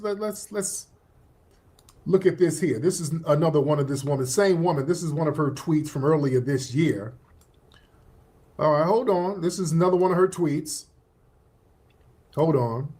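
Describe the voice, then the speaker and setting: A man hosting a livestream and commenting emphatically on social media posts, often pausing to scroll. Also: on the high side, lively intonation. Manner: emphatic, often stops with "hold on" while scrolling. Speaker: livestream host.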